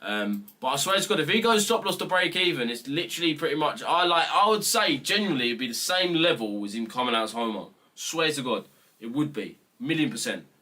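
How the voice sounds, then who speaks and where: Blunt, foul-mouthed British man, bright tone. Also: fairly high pitch, lively intonation, a little fast. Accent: British English. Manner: blunt, profane, mock-serious ranting. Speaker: trading mentor streaming live. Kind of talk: casual livestream chat with viewers.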